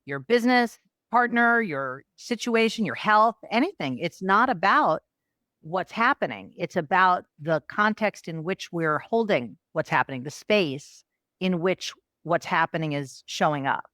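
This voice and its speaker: Middle-aged woman, coach guest, animated storyteller, lower voice, dry close sound. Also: unhurried, no room sound. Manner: animated, acts out quotes with raised pitch. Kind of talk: storytelling in a podcast interview.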